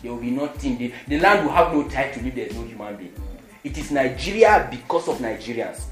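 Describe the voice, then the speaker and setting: A man delivers a sermon with emphatic, repetitive declarations. His voice swings between loud proclamations and quiet, low lines. He sounds like he is in a reverberant room, with music playing clearly behind him. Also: expressive, fairly quick. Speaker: preacher.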